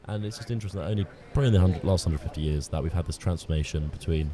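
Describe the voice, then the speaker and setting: A man's voice: low-pitched, very fast. A young man co-commentating at an outdoor rowing regatta, rambling with many fillers. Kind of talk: casual live commentary. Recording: outdoor mic with clear crowd noise.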